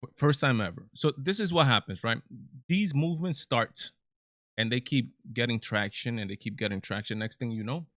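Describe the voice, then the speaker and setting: A man's voice: mid-range voice, normal speed, a bit bright, no room sound, studio quality. A man hosting his own live commentary stream, talking emphatically with many repeats and restarts. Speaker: show host.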